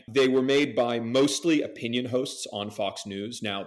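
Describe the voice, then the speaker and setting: A man guest, a media editor, answering interview questions thoughtfully with frequent pauses and fillers. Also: on the low side.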